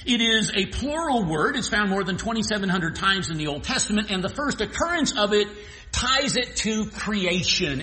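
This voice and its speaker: A man's voice: high voice, bright, forceful tone. A male pastor preaching an earnest expository sermon, sometimes restarting his phrases. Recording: echoey hall with long reverb.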